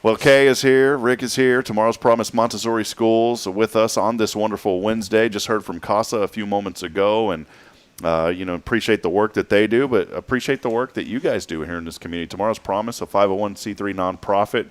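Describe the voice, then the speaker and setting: On his morning show, a man jokes around and riffs through the news in a casual, playful roundup. His voice is fairly low, clear and resonant, with a steady tone and a brisk pace.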